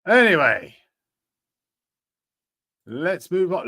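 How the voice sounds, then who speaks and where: A man's voice: medium pitch, sing-song, takes it slowly, pauses often, fairly bright tone. A man hosting a casual commentary show, sarcastic and rambling, with frequent hesitations. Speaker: host.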